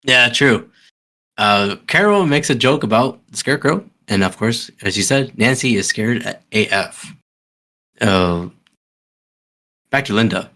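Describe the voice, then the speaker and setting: Male podcast co-host, bright tone, halting recap style. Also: medium pitch, animated. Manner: loose, hesitant recapping with many fillers. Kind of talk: casual movie recap chat.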